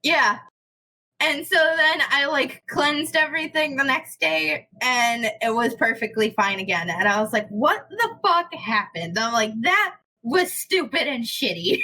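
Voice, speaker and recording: A young woman chatting casually on a podcast, telling a ghost story in an animated way, with lots of fillers and swearing. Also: sits high, unhurried, low-quality recording. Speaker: podcast co-host.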